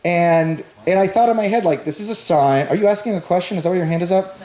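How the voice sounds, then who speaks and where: Talking fast in a voice that sits high, a male comedian rambles through a self-deprecating story and trades banter with the audience, crowd noise audible around him. The setting is a large, echoey venue with a live audience, recorded roomily from the stage.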